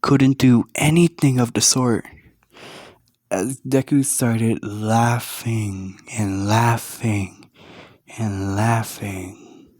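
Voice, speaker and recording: A man narrating a fan story in a halting, hesitant way, speaking quietly with a sore throat. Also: lowish voice, steady tone, no room sound, clean studio sound.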